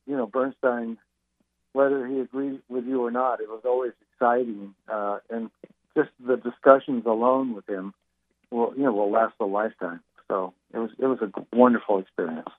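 A man's voice: medium pitch, fairly even intonation, moderate pace, no echo. Older man, interview guest by phone, loose talker full of "you know", tinny dry line. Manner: rambling, many fillers and restarts. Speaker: musician guest.

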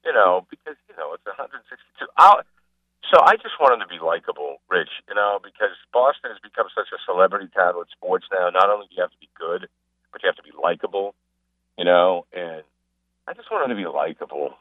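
A man chatting casually as a guest on a radio show, an animated storyteller who mimics the people he describes. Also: sits low, a little fast, dry recording. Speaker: sports broadcaster and guest. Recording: phone line.

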